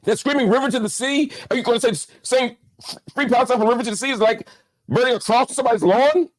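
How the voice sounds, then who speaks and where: A man hosting a political commentary show, talking with heated, preacher-like force and hammering phrases through repetition. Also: very high-pitched. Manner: heartfelt, slower, subdued. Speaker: host.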